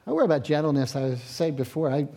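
A man's voice: on the high side, lively intonation, quick pace, gravelly, warm tone. A middle-aged man from central Pennsylvania preaching a sermon, with self-mocking asides and rising passion. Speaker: pastor.

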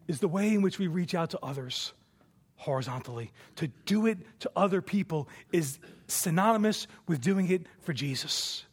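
A man preaching a sermon from the pulpit, emphatic, his voice swelling for quoted scripture and dropping low and soft on key points. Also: gravelly, breathy edge. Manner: emphatic preaching, rising and falling in volume. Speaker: pastor.

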